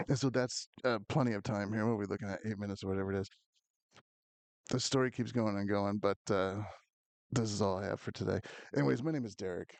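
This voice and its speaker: A middle-aged man from Maryland tells a personal story in a loose, rambling way, often stumbling over repeated words. His voice is warm and gravelly at a plain middle pitch. The sound is dry and close, with no room around it. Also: fast talker, no room sound. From Maryland, USA.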